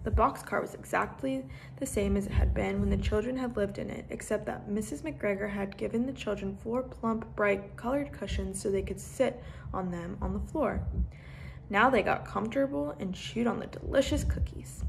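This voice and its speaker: A woman's voice: mid-range voice, normal speed, vocal fry, a little hiss or hum. Woman reading a children's book aloud. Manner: asks the listeners questions.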